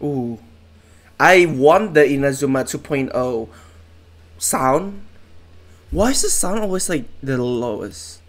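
A streamer giving excited live reaction commentary, full of exclamations and swearing. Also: medium pitch, slow, pauses often.

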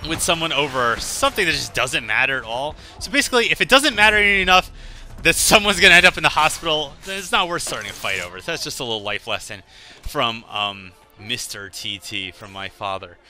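A man's voice: mid-range voice, sharp tone. A man giving casual gameplay commentary, rambling and joking as he tells stories. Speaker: gaming commentator.

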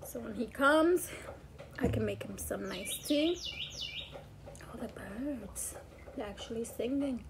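A woman's voice: fairly high pitch, animated, slow, long pauses, background noise. A woman vlogging casually at home as a mother, chatty and rambling with many fillers. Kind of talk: casual chat. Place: home, indoors.

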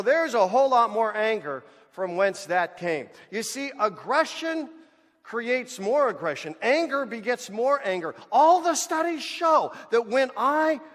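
A man preaching a sermon as pastor, animated and speaking to the congregation as folks. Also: extremely high pitch. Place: church sanctuary. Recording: church hall with long reverb.

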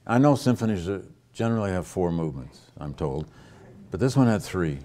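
A man with a very low voice takes audience questions in a lecture hall. He speaks as a historian, thinking aloud and pausing on his words, with frequent false starts as he works through his answers. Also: lively intonation, mellow, slight background noise. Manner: thoughtful, with frequent hesitations and restarts.

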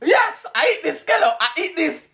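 A Jamaican man reacting to music on his vlog, talking excitedly, shouting exclamations and repeating phrases fast. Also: very high voice, gravelly. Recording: echoey room with music playing.

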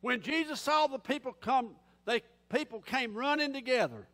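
Man, pastor, impassioned folksy sermon, very high voice, long echoing church reverb. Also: animated, normal speed, a bit bright. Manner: impassioned, folksy preaching with casual grammar. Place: church sanctuary.

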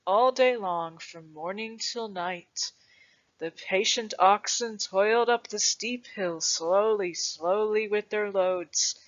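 A reader voicing an old grandfather who tells a legend to his grandson in a patient, gentle way. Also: medium pitch, takes it slowly, lightly acted. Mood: fond. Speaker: storyteller. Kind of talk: storybook reading. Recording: dull lo-fi recording.

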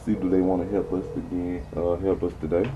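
Male gaming streamer, lower voice, casual and profane, chatting to his audience. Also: level tone, brisk, muffled recording, background noise. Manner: profane, rambling, talks to viewers. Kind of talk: casual gameplay commentary.

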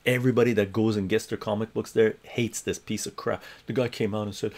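A man's voice: fairly low pitch, fast talker, hardly any pauses. A Canadian man hosting a livestream, telling a story in casual chat on a lapel mic, laughing often and tagging lines with "right?". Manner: animated anecdote-telling, laughs often, tag questions. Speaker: livestream host.

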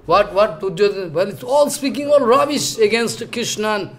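A man teaching a devotional scripture class, telling the story with animated emphasis in simple, broken English. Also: high voice, moderate pace. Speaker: preacher.

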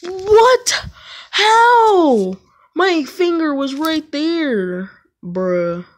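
Slow-talking young woman, slangy gamer chat. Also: high voice. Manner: slangy, says "bruh" often, sudden excited yelps. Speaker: gaming YouTuber. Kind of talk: casual gameplay commentary. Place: home.

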